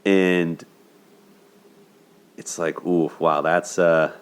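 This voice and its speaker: A man with a low, deep voice talks through a film's love story in a loose, chatty way. He often checks in with his listeners by asking "right?" and laughs as he goes. It sounds like a relaxed host's commentary. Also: very slow, clear, resonant tone. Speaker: host of a dating and movie commentary show. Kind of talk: casual spoken movie breakdown.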